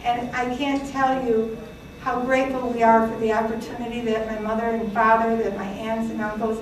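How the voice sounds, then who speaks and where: Speaking at a moderate pace with a fairly high, fairly flat pitch, this presenter is a woman in her sixties originally from Greece. She chats to her audience with lots of fillers and laughs, heard from a distance in an echoey hall with a little hiss or hum.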